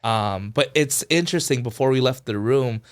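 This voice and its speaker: A man co-hosting a casual podcast, retelling an experience with an easy, chatty flow. His pitch sits in a middle range, and he slips into acted-out quotes while piling up "like" as a filler. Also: normal speed. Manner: animated retelling, acts out quoted voices, fillers like "like". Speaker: podcast co-host. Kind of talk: casual storytelling chat.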